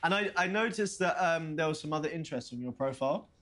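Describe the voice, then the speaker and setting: A man's voice: a little high, lively intonation, quick pace, a bit bright. Stammering young man on a date. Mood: eager. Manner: hesitant, stammering, polite. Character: hesitant, eager young man on a video date. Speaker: player character on video dates.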